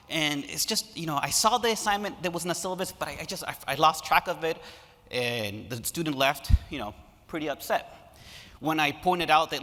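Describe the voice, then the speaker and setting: A man speaking as an academic at a conference, telling stories in an animated way and engaging the audience from a lecture hall stage. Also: fairly high pitch, a little fast. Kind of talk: conference talk. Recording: reverberant hall.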